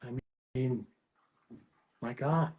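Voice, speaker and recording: A man's voice: mid-range voice, extremely slow, phone-quality sound. A man hosting a casual livestream, rambling and emotional, often restarting his sentences. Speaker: livestream host.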